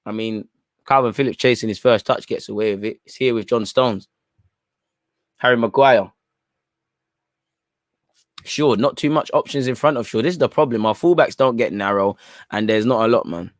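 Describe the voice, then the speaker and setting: A man at a middle pitch talks through a live football match in a casual, opinionated way. He reacts to the play and to his viewers, often ending phrases with "man." His voice is recorded dry and close, with little room sound. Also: moderate pace, pauses often, no room sound. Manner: reads chat messages aloud and reacts. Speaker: football watchalong host.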